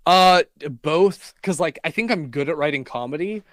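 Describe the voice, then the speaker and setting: A man's voice: fairly high pitch, moderate pace, fairly bright tone, no echo, studio quality. A man with a General American accent chatting as an interview guest, talking loosely with many fillers. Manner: heavy use of "like" and "um" fillers. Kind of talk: casual interview chat.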